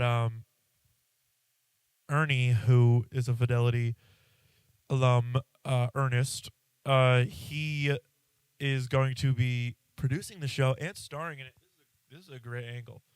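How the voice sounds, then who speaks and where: Young man, podcast host, rambling, candid, swears, smooth voice. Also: mid-range voice, dry recording, low-quality recording. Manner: rambling, candid, swears freely, frequent fillers and restarts. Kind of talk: casual solo podcast monologue. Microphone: audio interface microphone.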